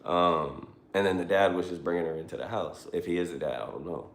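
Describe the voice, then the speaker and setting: A man's voice: deep voice, fairly quick. A man telling a long story in a rambling, profane, conversational way during a livestream from a car. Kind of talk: casual storytelling. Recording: roomy echo.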